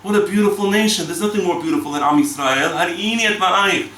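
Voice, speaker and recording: A rabbi in an animated Torah lecture, chanting verses between his points. His voice sits high and bright. The recording is roomy and distant, with a soft hum of ambience behind it. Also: quick pace. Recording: echoey room, mic from far off.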